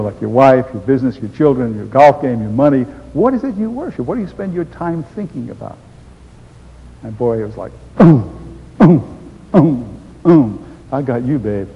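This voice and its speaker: An older man giving a personal testimony, telling his story in an unhurried way and chuckling often. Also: mid-range voice, vocal fry, a little hiss or hum. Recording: dull echoey hall recording.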